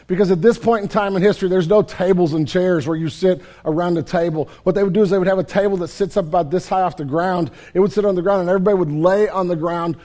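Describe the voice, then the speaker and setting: A man's voice: high voice, steady tone, quick pace, hardly any pauses, warm tone. A man preaching a sermon in a church in a casual, conversational way, retelling a story vividly. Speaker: pastor.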